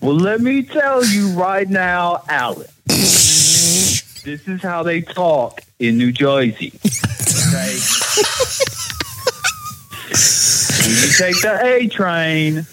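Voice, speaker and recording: A man calling in to a podcast, telling a slow, drawling comic bit over the phone. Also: high voice, lively intonation. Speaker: phone-in guest. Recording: noisy phone call with clicks.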